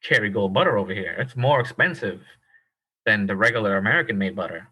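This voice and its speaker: Bright, husky man from Ireland. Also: on the low side, fast talker, low-quality recording. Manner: laughing, emphatic, casual slang. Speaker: podcast co-host. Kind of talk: casual chat.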